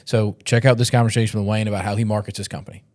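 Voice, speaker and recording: Fast-talking podcast host, a man. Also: fairly low pitch, little pitch movement, a little mellow. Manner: brisk, restarts phrases, enthusiastic about marketing. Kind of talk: casual podcast chat.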